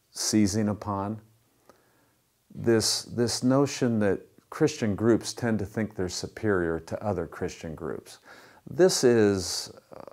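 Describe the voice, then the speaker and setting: A man's voice: on the low side, darkish tone. A male pastor giving a conversational sermon that mixes in jokes.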